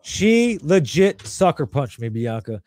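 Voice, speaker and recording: A young man telling a crude story in casual podcast chat, rambling and animated. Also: on the high side, a little slow, dry recording, studio quality.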